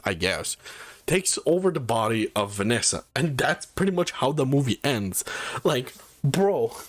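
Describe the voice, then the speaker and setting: A man giving a casual spoiler review of a movie, swearing often and sounding incredulous as he rambles. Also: on the high side.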